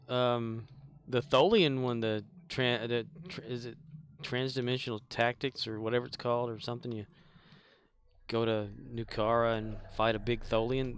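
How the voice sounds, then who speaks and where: Rambling male game streamer, mid-pitched. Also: a bit bright, clean tone. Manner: rambling, trails off, hunts for names, mutters to himself. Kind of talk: casual live-stream chat while gaming.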